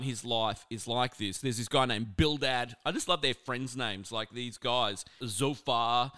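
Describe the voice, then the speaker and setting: A man giving a casual, conversational sermon on scripture, animated and full of asides. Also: medium pitch, smooth, dry recording, clean studio sound. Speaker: preacher.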